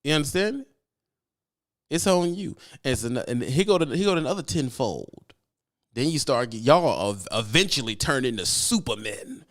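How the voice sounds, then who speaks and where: A man chatting casually on a live stream, slangy and teasing as he answers his viewers. His mid-pitched voice swings up and down a lot, lively and animated. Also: normal speed. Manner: animated, slangy, teasing, reads chat aloud. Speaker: trucker streamer.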